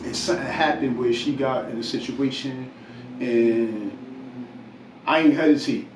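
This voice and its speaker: A man's voice: medium pitch, unhurried. A man from New Jersey holds forth in a loose podcast talk, emphatic and lecturing, repeating phrases for weight. The mic sits some way off in an echoey room with a faint hiss. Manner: emphatic, lecturing, repeats to drive points home. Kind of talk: casual talk, preaching advice. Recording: roomy distant mic.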